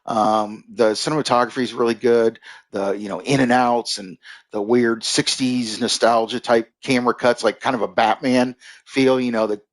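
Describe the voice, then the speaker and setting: A man's voice: medium pitch, steady tone, normal speed. A man giving a casual, rambling movie review on a live stream, full of fillers and restarts, stopping to answer viewers in the chat.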